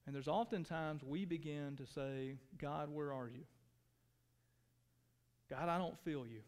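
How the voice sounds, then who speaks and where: A pastor preaching a sermon to his church, earnest, dropping to hushed tones and rising to pleading. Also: a little high, a little slow. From Texas. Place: church sanctuary. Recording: long hall reverb.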